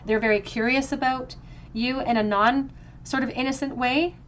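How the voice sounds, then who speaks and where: A woman's voice: high voice, steady tone, normal speed, a bit bright, lo-fi sound, a little hiss or hum. Woman giving a flowing tarot reading. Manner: flowing, reflective, spiritual phrasing with frequent restarts. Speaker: tarot reader. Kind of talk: tarot card reading monologue.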